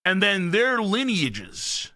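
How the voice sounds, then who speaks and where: A male streamer reacting live to a new manga chapter. He is excitable and curses freely, rambling and repeating himself. His voice is bright, high and very animated, with big pitch swings. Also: takes it slowly.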